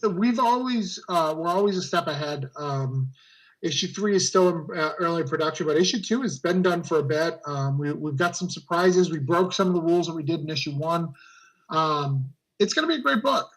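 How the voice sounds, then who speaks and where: An easygoing man chats as a co-host about upcoming comics. His voice sits a bit higher than usual, and he pauses often with ums and uhs. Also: a bit bright, poor audio. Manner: easygoing, hesitant with many ums. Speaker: podcast co-host. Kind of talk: casual chat.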